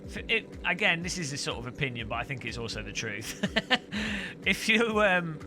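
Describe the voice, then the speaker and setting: A man's voice: fairly high pitch, sing-song, normal speed, noisy background. A man chatting casually with his live-stream viewers while sim racing, rambling and answering chat as he goes. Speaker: game streamer. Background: loud game music and car engine sounds.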